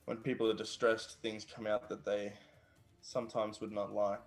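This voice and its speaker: A man voicing a steady, caring leader in a tabletop role-play, talking calmly with hesitant pauses. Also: fairly low pitch, faint music behind, close to an everyday voice. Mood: concerned. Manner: calm, hesitant, with filler pauses.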